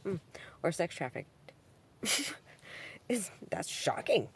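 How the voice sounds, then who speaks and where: Gravelly-voiced woman, rambling vlog talk. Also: lowish voice, very animated, slow pace. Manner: rambling, many ums and likes; swings from subdued to heated. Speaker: vlogger answering a comment. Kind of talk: casual spoken monologue. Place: at home with her cat.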